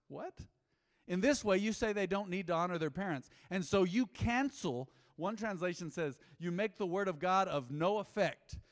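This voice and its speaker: A middle-aged man preaching a sermon as pastor, lively and humorous, with acted-out quotes. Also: sits high, moderate pace. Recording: echoey hall with long reverb.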